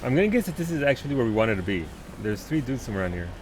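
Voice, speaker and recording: Excitable, swearing male game streamer. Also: medium pitch, rapid-fire, noisy background. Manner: excitable, swears often, laughs, thinks aloud. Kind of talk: live gameplay commentary and chat replies.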